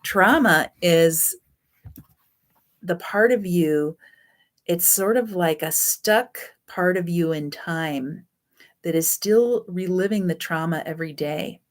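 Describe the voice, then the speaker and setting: A woman's voice: lowish voice, slow. Chatty woman teaching a self-help class. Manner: loose, chatty, self-correcting with fillers. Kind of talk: spoken self-help lesson.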